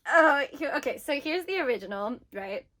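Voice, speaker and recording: A woman's voice: high-pitched, moderate pace. A woman vlogger ranting in casual chat, talking animatedly and saying "like" a lot. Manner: animated ranting, heavy use of "like". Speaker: book vlogger.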